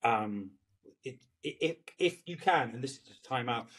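A man's voice: medium pitch, lively intonation, unhurried, fairly bright tone. Rambling Scottish man in casual chat. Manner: rambling, searching for words, swearing lightly. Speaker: actor guest.

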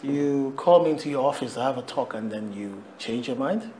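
An actor playing a friend and colleague who questions and gently teases. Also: male voice, medium pitch, fairly quick, slight background noise, natural voice. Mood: questioning. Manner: questioning, mildly teasing.

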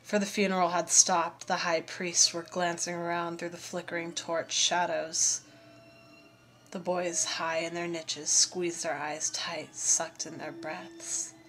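A woman reading a story aloud as narrator, in a measured, steady manner. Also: on the low side, faint music behind. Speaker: audiobook reader.

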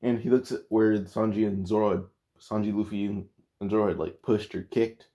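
A man with a lowish, mellow voice casually retells an anime fan story. He rambles along, padding his sentences with "like" and restarting himself often. His delivery is relaxed and unscripted. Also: moderate pace.

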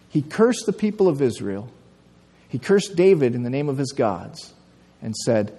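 A male pastor preaching a sermon, telling a story with lively delivery and acting out the quotes. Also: medium pitch, moderate pace. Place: church sanctuary. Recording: long church reverb.

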